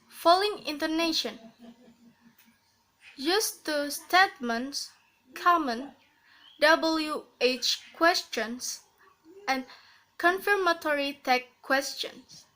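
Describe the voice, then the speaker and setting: A woman with a high, bright voice gives a class presentation. She reads slowly and carefully, pausing between short phrases. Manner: slow, careful reading with pauses between phrases. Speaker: student presenter.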